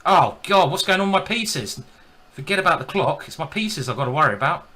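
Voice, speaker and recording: A man commenting live on his own blitz chess games and joking with his chat in an animated, self-mocking way. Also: fairly high pitch, fairly quick. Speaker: chess streamer.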